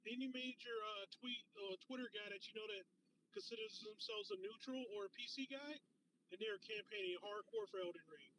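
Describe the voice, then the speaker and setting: This is a man in a casual podcast chat, talking in an emphatic, slangy and teasing way. His voice is notably high and bright for a man. A faint background hiss runs under the recording. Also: brisk, poor audio. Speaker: podcast co-host.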